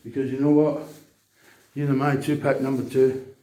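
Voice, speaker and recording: Man, dark mellow voice, rambling and preachy, echoey room. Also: mid-range voice, level tone, moderate pace. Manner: rambling, emphatic, preachy monologue. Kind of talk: casual monologue.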